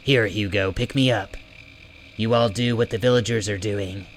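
A man voicing a timid shape-shifting mimic creature in a storybook, speaking softly and nervously. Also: fairly low pitch, fairly even intonation, normal speed, slight background noise, close to an everyday voice. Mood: matter-of-fact. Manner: soft, hushed and nervous.

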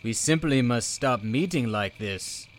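A man voicing a calm, dry-humored male owlbear student from a storybook. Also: medium pitch, measured pace, slight background noise, close to an everyday voice.

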